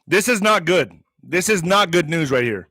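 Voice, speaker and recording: Man, commentary host, heated, sarcastic, profane, slightly high voice, dry close mic. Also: animated, moderate pace, pushed and bright, no echo. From Mexican heritage. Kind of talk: reading headlines and ranting.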